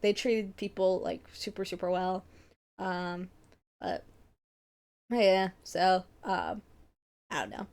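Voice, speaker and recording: A young woman streamer talks casually with her audience. She rambles through her stories, swears freely and laughs often. Her voice sits at an ordinary pitch for a woman. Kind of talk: casual chat.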